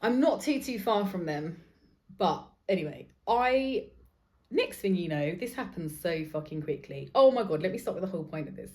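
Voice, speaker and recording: A woman in her thirties, a podcast host telling a story in a casual monologue, animated and quick to laugh, swearing freely. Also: lowish voice.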